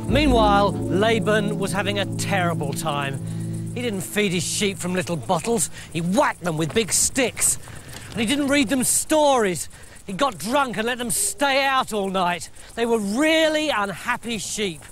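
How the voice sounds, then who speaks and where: A man tells a comic story in a playful, conversational way, spinning it out for laughs. Music plays clearly behind his voice. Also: high-pitched, lively intonation, unhurried, fairly bright tone. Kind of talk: comic scripted narration.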